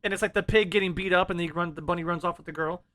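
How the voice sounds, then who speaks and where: Casual male podcast co-host, high bright voice, easygoing and salty. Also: steady tone, very fast. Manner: laid-back, profane, laughs often. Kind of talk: casual film discussion.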